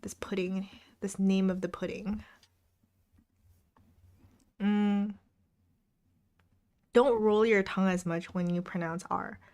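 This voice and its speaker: A woman's voice: mid-range voice, steady tone, slow pace, pauses often, darkish tone. Chatty young woman laughing between comments. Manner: chatty, laughs often, reads viewer comments aloud. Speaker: livestream host. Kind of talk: casual chat with a live audience. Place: home desk during a study stream.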